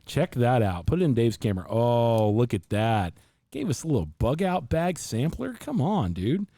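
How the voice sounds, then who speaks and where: A middle-aged man hosting a podcast, talking in quick, joking banter. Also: medium pitch, very animated, warm tone, no echo. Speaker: podcast host. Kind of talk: casual chat.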